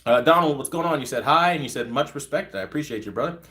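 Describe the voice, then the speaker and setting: A man's voice: medium pitch, lively intonation, quick pace, bright, forceful tone. A man in his thirties hosting a live chat, answering viewers' comments in a blunt, profane, ranting way. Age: 30s. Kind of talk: casual livestream chat.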